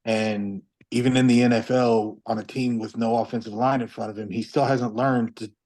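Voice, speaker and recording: A man co-hosting a casual sports talk show, deliberate, often stumbling over his first words. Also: mid-range voice, steady tone, a little mellow, poor audio. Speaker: co-host.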